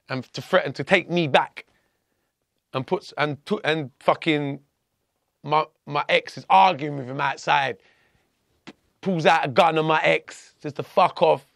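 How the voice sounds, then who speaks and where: A man, a podcast guest, telling his story in casual, profane, animated talk and acting out what others said. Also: fairly high pitch, creaky, dry recording, studio quality. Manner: profane, animated, acts out quoted dialogue.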